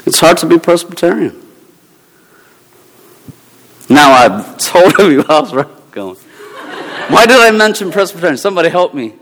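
A man who is a Presbyterian minister, giving a humorous sermon talk with animated storytelling, bursts of exclamation and laughter. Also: fairly high pitch, fairly quick. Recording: long reverb of a large hall.

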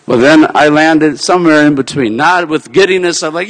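A man preaching, telling a personal story in an animated way, swinging from shouts down to soft, quiet lines. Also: on the high side, normal speed, hardly any pauses, long reverb tail. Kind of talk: sermon storytelling.

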